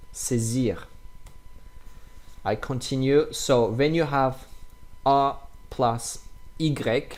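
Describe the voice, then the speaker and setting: A man with a French accent leads a relaxed pronunciation lesson at an unhurried pace. His English is halting, full of ums and restarts, and he says each example word two or three times. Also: mid-range voice. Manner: slow, repeats example words several times, hesitant English with fillers. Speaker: French teacher.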